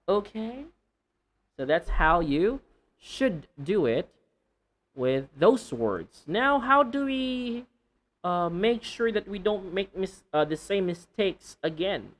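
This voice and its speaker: Slow, deliberate male pronunciation teacher. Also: a little high, expressive, fairly bright tone, a faint crowd. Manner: deliberate, repeats words for drilling, lightly playful. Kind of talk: online pronunciation lesson.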